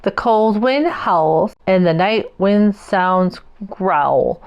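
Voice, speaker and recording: A woman reads a picture book aloud for her young children, taking it slow with a sing-song lilt. Her voice is clear and smooth, swinging widely in pitch. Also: lively intonation, a little mellow, lo-fi sound. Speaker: parent reading to her children.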